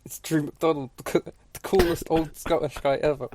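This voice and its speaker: A man's voice: a little high, steady tone, a little fast, noisy background. A man co-hosting a podcast in casual, sweary chat. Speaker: podcast co-host.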